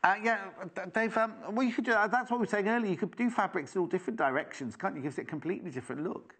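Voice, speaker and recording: Chatty British man, higher voice. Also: racing, fairly bright tone, husky. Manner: chatty, enthusiastic, rambling asides. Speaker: shopping channel presenter. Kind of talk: live TV shopping presentation.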